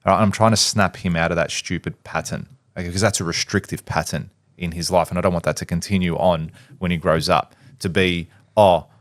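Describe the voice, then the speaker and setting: A man's voice: deep voice, steady tone, a little fast, few pauses, fairly bright tone, no room sound, clean studio sound. A man, co-hosting a podcast in casual chat, a blunt storyteller who swears and acts out what people said. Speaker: podcast co-host.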